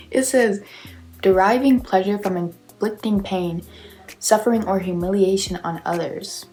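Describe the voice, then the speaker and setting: A woman's voice: mid-range voice, unhurried, soft background music. A young woman casually reading online confessions aloud and reacting with chatty, sarcastic asides.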